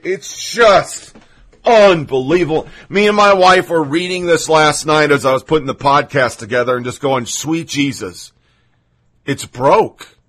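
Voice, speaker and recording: Indignant, husky-voiced male podcast host. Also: medium pitch, fairly bright tone. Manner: sarcastic, indignant, reads quotes aloud. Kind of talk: political commentary podcast.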